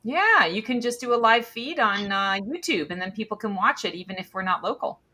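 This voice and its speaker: A woman co-hosting a livestream as a tarot reader, chatting casually in a blunt, animated way over a video call. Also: mid-range voice, brisk. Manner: blunt, animated, swears freely.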